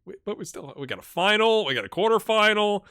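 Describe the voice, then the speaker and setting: A man hosting a game channel, giving chatty, excitable live commentary while he plays and talking straight to his viewers. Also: high voice, quick pace, clear, resonant tone, dry recording, studio quality. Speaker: gaming channel host.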